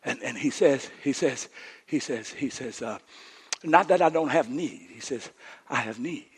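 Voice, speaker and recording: A man preaching a sermon as pastor, calling on the congregation to respond, moving between quiet asides and shouted peaks and repeating words in bursts. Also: mid-range voice, measured pace, husky.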